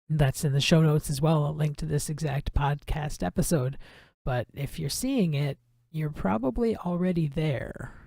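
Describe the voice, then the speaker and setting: Laid-back podcast guy, lots of ums, slow talker, dry close sound. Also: on the high side, no room sound. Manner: relaxed, many ums and uhs. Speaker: podcast host. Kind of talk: casual solo podcast chat.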